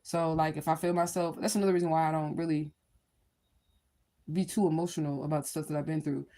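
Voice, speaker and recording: A woman's voice: sits low, steady tone, fast, dark tone. A woman chatting casually on a livestream, talking to her viewers in a candid, rambling way and swearing freely. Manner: addresses viewers directly. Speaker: livestream host.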